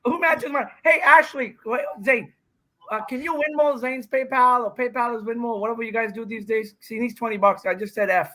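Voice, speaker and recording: A man's voice: very high-pitched, fairly quick, bright, forceful tone, rough recording. A middle-aged man from India, a pickleball pro guesting on a podcast, telling stories in a brash, joking way with swearing and frequent laughs. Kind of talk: casual podcast chat.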